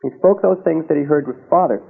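Husky man teaching scripture over radio. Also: fairly high pitch, fast talker, narrow, tinny audio. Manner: reads scripture aloud and checks in with frequent "Okay?". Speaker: Bible teacher. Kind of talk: sermon-style Bible teaching.

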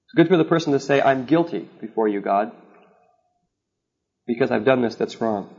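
A preacher speaks at normal speed with lively intonation and a darkish, medium-pitched male voice. His counseling sermon is earnest and repetitive, with frequent "okay?" check-ins, heard through slightly dull lo-fi audio.

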